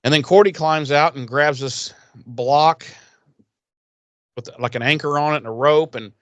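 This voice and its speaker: A man co-hosting a podcast, casually recapping an episode with lots of swearing and quick acted-out quotes. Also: a little high, no echo, lo-fi sound. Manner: profane, animated retelling with voiced quotes. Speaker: podcast co-host.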